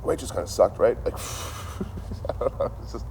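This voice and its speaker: A man's voice: fairly low pitch, normal speed, dark tone, slight background noise. A man in his thirties chatting casually on a livestream, with a dry, joking delivery and a lot of swearing. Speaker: livestream host.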